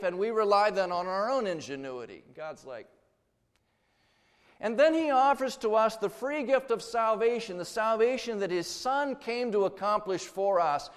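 A man preaching a sermon, emphatic, swinging between loud declarations and hushed asides. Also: sits high, clear, resonant tone. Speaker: pastor. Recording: long hall reverb.

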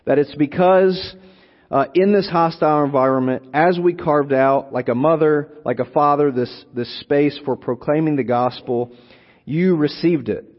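A man preaching an expository sermon, teaching slowly and deliberately, lingering on single words and repeating phrases for emphasis. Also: a little high. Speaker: preacher teaching on a Bible letter. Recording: long hall reverb, dull lo-fi sound.

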